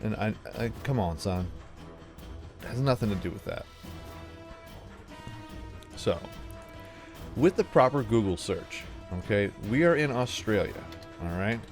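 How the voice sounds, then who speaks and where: A man's voice: on the low side, lively intonation, unhurried, long pauses, soft background music. A young man chatting casually and rambling through a puzzle game, joking at himself. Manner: chatty, rambling, self-mocking. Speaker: gaming video host. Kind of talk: casual let's play commentary.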